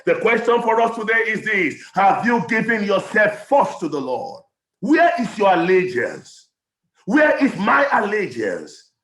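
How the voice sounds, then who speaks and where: A male pastor with a Nigerian accent, preaching a passionate sermon that often rises to a shout. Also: extremely high pitch. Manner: impassioned preaching, often shouting, with stammered repetitions. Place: church hall. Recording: echoey church hall.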